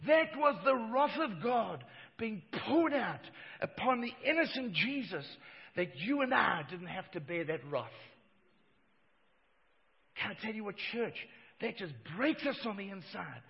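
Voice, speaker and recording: A middle-aged man preaching a sermon, swinging between loud emphatic lines and hushed ones. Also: high voice, sing-song, unhurried, creaky. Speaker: pastor. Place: church hall. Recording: dull church hall reverb.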